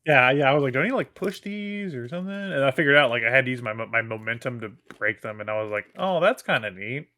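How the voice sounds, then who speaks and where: A man co-hosting a podcast, animated and jokey, often breaking into laughter. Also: mid-range voice, fast talker, few pauses. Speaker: podcast co-host. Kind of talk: casual chat.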